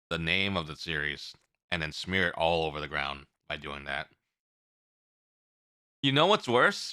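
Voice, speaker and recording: A man's voice: sits low, no room sound, studio quality. A man streaming and chatting casually, rambling and talking with his mouth full. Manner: rambling, animated, eating while talking.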